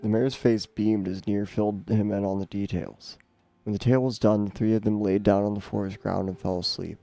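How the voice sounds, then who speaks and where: A man's voice: fairly low pitch, level tone, brisk, vocal fry, warm tone, faint music behind. A man reading a game novel aloud, doing the characters' voices and stumbling over words now and then. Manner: stumbles and repeats words, laughs at the text.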